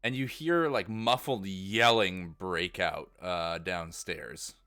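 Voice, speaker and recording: Male game master, low-pitched and bright, loose and chatty. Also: slow. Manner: casual, filler-heavy scene description. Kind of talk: narrating a tabletop game.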